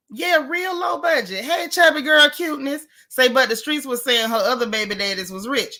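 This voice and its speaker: Sassy bright-voiced woman gossiping. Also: high voice, moderate pace. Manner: sassy, animated, talks to the chat. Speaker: livestream host. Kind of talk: casual gossip livestream.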